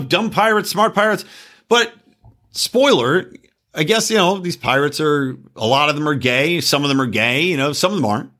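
A man hosting a podcast, ranting casually and profanely, often wandering off topic. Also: on the high side. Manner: animated, profane, digressive. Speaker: podcast host. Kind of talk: casual opinion rant.

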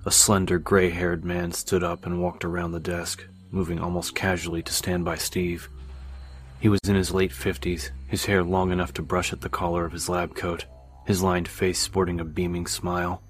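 A man narrating an audiobook in a steady, measured reading. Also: deep voice, a little hiss or hum.

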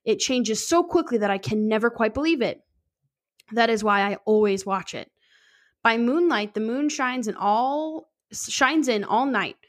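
A woman's voice: on the high side, expressive, moderate pace. Woman reading aloud with joking asides. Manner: stumbles and restarts over words. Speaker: podcast co-host.

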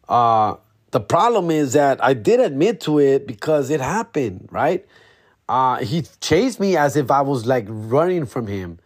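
A man, hosting a comedy podcast in a laid-back, slangy, profane monologue. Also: medium pitch.

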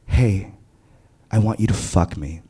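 A man doing a hushed, unbothered young woman. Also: steady tone, unhurried. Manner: low, hushed, matter-of-fact.

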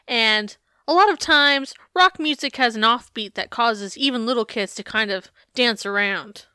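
A woman co-hosting a podcast, recapping a TV show in casual, sarcastic chat full of swearing and lively storytelling. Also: a little high, normal speed, clear, resonant tone, dry recording, studio quality. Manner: profane, sarcastic, animated storytelling. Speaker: podcast co-host.

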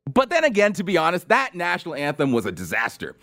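Sarcastic man ranting with lively pitch. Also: fast. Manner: sarcastic and mocking, with rising exasperated outbursts. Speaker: podcast host. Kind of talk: political commentary monologue.

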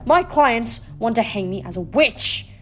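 A woman doing a bitter, shouting mother. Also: on the high side, animated, a little slow, soft background music. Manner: shouting, accusing.

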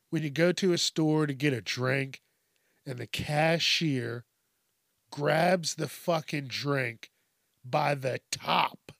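Gravelly man ranting with constant swearing. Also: fairly high pitch, dry recording, clean studio sound. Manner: swears constantly, laughs at own jokes. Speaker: podcast host. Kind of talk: profane comedic rant.

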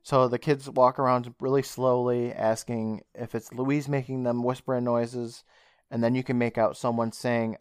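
Here a male co-host with a mid-range, clean-toned voice talks at normal speed, retelling a show in a relaxed recap and voicing its characters. The sound is dry and studio quality.

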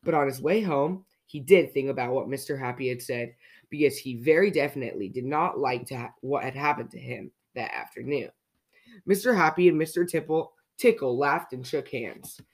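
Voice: medium pitch, moderate pace. A storyteller reading a children's picture book aloud, playfully asking young listeners questions along the way.

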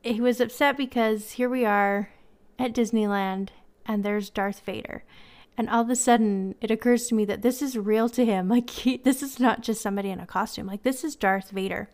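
A woman's voice: on the high side, fairly even intonation, normal speed, darkish tone. A woman and mother hosting a podcast, telling stories in a chatty way and laughing often. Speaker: podcast host. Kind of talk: casual storytelling.

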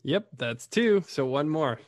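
A man's voice: a little high, lively intonation, unhurried, dry recording, studio quality. Chatty man hosting a business talk show. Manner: chatty, rambling, laughs often. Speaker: podcast host, Medicare marketer. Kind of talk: casual chat.

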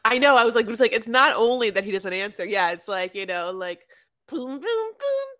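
A woman co-hosting a podcast in casual chat, lively and imitating phone recordings and people as she talks. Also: mid-range voice, quick pace. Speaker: podcast co-host.

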